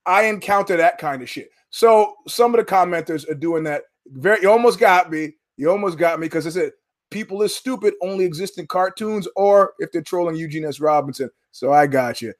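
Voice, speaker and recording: A man's voice: sits high, fairly quick. A man hosting his own podcast, talking alone in a rambling, sardonic, profane way and drifting from one story to the next. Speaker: podcast host. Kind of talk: rambling solo commentary.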